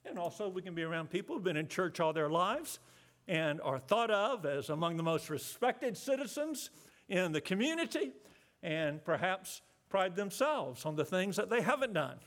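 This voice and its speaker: A man pastor giving an earnest, measured sermon, repeating key phrases and slowing down for emphasis. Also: high voice, sing-song, fairly bright tone. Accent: Southern US.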